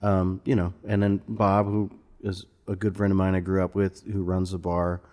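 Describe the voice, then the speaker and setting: Male musician guest, from Missouri, low voice, easygoing conversational delivery. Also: completely flat delivery, moderate pace, mellow. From Missouri, USA. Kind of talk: casual interview conversation. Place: bar lounge.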